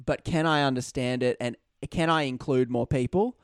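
A man hosting a podcast, talking in an animated, ranting way and acting out quotes in casual chat. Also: mid-range voice, moderate pace, smooth, no echo, studio quality. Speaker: podcast host.

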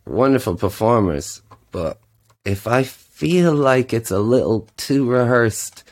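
A man, a singer-songwriter guest, chatting casually on a podcast in a rambling, animated way. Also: mid-range voice, slow pace. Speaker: guest musician. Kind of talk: casual chat.

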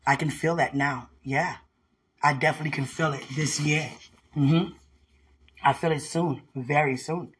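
A man's voice: on the high side, fairly even intonation, unhurried, fairly bright tone, breathy edge. A man speaking lovingly and devotionally to his fiancé, rambling and laughing often, at home. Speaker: vlogger. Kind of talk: casual devotional talk to a fiancé. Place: home by a window.

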